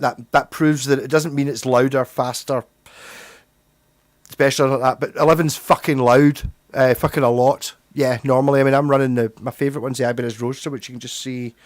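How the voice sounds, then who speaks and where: A man's voice: medium pitch, level tone, a little fast, no room sound, clean studio sound. A middle-aged man, hosting a livestream and chatting loosely with viewers, rambling and swearing freely. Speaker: livestream host. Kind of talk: casual livestream chat.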